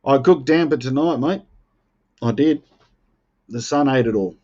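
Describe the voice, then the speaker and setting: A man's voice: medium pitch, measured pace, a little mellow. Australian man, casual livestream banter, playful, muffled lo-fi sound. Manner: joking, teasing, playfully defensive. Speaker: livestream host. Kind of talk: casual live chat with viewers.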